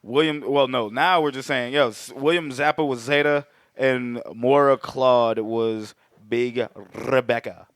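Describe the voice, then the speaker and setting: A man's voice: medium pitch, fairly even intonation, unhurried, dry recording. A man co-hosting a podcast in casual, joking, profane banter, sometimes reading notes in a dramatic announcer tone. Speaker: podcast co-host.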